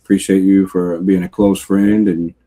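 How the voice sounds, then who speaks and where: A man co-hosting a live podcast, speaking in a soft-spoken, halting way. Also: low-pitched, little pitch movement. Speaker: podcast co-host. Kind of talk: casual live podcast chat.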